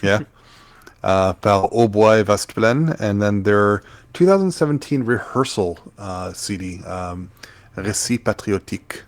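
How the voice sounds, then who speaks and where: A man co-hosting a podcast in casual chat, pausing often with fillers while he recalls names. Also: fairly low pitch. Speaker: podcast co-host.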